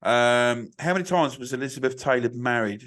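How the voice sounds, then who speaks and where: A man's voice: medium pitch, brisk, fairly bright tone. Crude, rambling male podcast co-host. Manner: rambling, crude, swears a lot. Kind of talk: casual chat.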